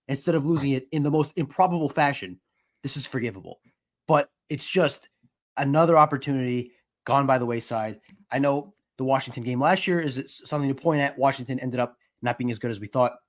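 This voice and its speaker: Brief: man, sports reporter, measured and analytical, mid pitch. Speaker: sports reporter and podcast co-host. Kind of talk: casual sports podcast chat.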